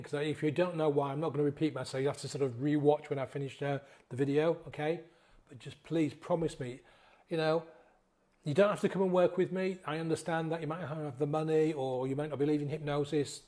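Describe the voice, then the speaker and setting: A man's voice: on the high side, a little mellow. A male sobriety coach giving an earnest, pleading motivational talk to camera, close to tears and often checking in with "yeah?". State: emotional, near tears.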